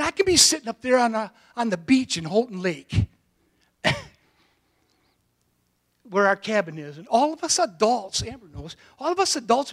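A man preaching a sermon in a folksy storytelling way, moving from quiet asides to loud calls to the congregation. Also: very high voice. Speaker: pastor.

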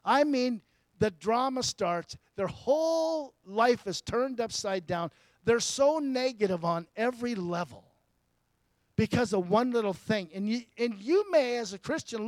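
A man with a fairly high voice preaches a sermon in an easy, conversational way. He often puts questions to the congregation and chuckles between points. The sound is dry and close, with little room echo. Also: animated, a little slow.

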